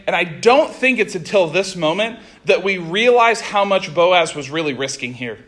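A man preaching a sermon, reading scripture and retelling it in a conversational, animated way with casual asides. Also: high-pitched, moderate pace, few pauses.

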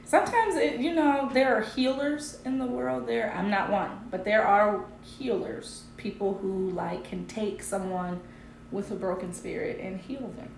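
A woman co-hosting a relaxed chat podcast, her voice at an ordinary mid pitch. She swings between animated laughter and a calm, explanatory tone. The room adds a noticeable echo, with a faint ambient hum underneath. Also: creaky. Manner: animated, frequent laughter, measured when explaining. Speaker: podcast co-host. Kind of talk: casual chat.

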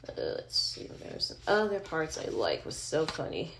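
A woman's voice: low voice, huge pitch swings, normal speed, background noise. A woman host reading a comic aloud in a casual, rambling way, thinking aloud as she goes. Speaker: podcast host.

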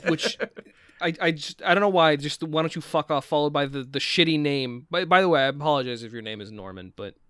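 Bright, dry-voiced rambling man. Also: fairly high pitch, animated, fairly quick, smooth, no echo. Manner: rambling, many restarts, casual swearing. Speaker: podcast co-host. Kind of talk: casual chat.

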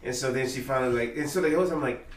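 A man co-hosting a podcast, telling a work story in relaxed chat. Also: medium pitch, rapid-fire, distant mic, a little hiss or hum. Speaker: podcast co-host. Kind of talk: casual chat. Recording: echoey room from off-mic.

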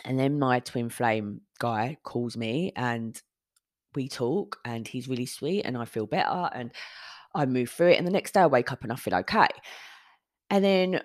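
A woman's voice: extremely low pitch, moderate pace, no echo, clean studio sound. A woman, hosting a podcast and telling a personal story in a candid manner, often swearing and retelling conversations. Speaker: podcast host.

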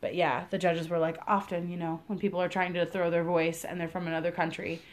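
Chatty Midwestern woman, low-pitched voice. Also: level tone, brisk, a little hiss or hum. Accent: Midwestern American. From American Midwest. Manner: chatty, enthusiastic, many fillers. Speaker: podcast co-host. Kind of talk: casual chat.

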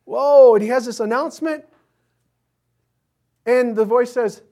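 Pastor preaching with lively asides. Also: male voice, extremely high pitch, a little slow. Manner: conversational preaching with humorous asides and sudden bursts of excitement. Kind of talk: sermon.

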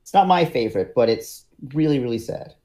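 A man's voice: mid-range voice, lively intonation, a little fast, dark tone. A man co-hosting a casual podcast, speaking earnestly and stretching out his phrases. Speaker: podcast co-host. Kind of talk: casual chat.

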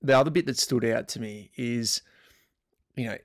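A man co-hosting a podcast in casual chat, wry and quick to act out what others said. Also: medium pitch, dry recording, clean studio sound. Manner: wry, acts out quotes. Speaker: podcast co-host.

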